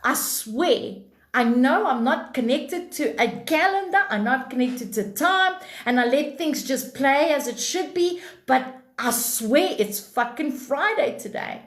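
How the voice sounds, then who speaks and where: High, blunt woman. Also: a little slow. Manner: animated and blunt, swearing freely. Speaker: live-stream host. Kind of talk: casual spiritual chat on a live stream. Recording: echoey room.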